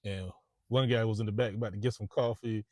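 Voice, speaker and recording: A man's voice: on the low side, fairly even intonation, a little fast, a little mellow, dry recording. A man, a real estate agent, rambling casually in a vlog monologue from inside a parked car, repeating words as he goes.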